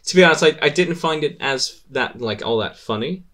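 A man's voice: on the high side, animated, fairly quick, fairly bright tone. A man hosting a casual podcast, rambling, swearing often and laughing between thoughts. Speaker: podcast host.

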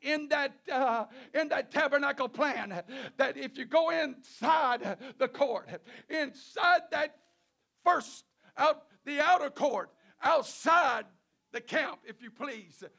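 A male preacher delivering a sermon in a halting way, often repeating words and restarting, with chuckles between phrases. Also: extremely high pitch, vocal fry, bright, forceful tone.

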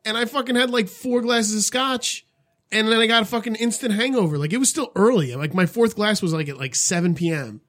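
Expressive, profane young man. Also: sits high, brisk. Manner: expressive, swearing storyteller. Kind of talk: casual chat.

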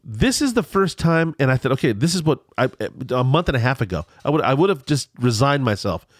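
Rambling middle-aged man, lively pitch. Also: a little fast, hardly any pauses, no echo, studio quality. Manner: rambling storyteller, many restarts. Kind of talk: casual chat.

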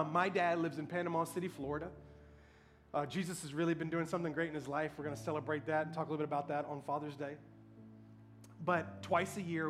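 A pastor telling a story in a sermon, building to loud, emphatic preaching and asking the congregation for amens. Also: male voice, fairly high pitch.

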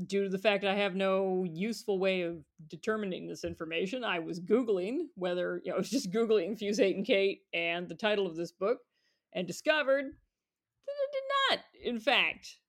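A man's voice: high-pitched, lively intonation, normal speed, fairly bright tone. A man co-hosting a casual podcast chat, talking in a chatty way and laughing often. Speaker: podcast co-host. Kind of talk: casual chat about picture books.

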